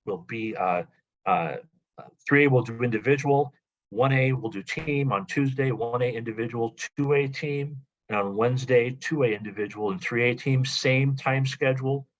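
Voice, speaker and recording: A man's voice: medium pitch, moderate pace, lo-fi sound. A man briefing coaches in a webinar, methodical and full of "uh" and "um" fillers. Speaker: athletic association administrator. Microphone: video call.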